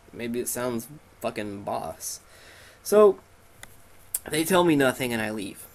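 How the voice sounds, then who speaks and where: A man talks over a video game playthrough in a loose, irreverent way, cracking jokes and making up goofy lines for the characters. His voice sits at an ordinary middle pitch. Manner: irreverent, joking, makes up silly dialogue for characters. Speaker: let's play host. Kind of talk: casual let's play commentary.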